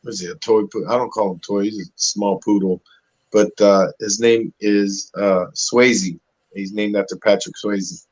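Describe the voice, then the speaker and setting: A man guest telling stories in a casual interview, animated, acting out the voices of people he quotes, talking through a webcam on a video call. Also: on the low side, normal speed. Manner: animated storyteller who acts out quoted voices. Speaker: actor guest. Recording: dull lo-fi audio.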